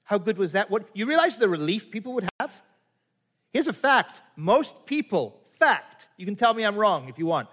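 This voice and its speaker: Middle-aged male pastor, high voice, conversational sermon full of rhetorical questions, long church-hall reverb. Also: sing-song, moderate pace, a bit bright. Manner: conversational, asks the congregation many rhetorical questions.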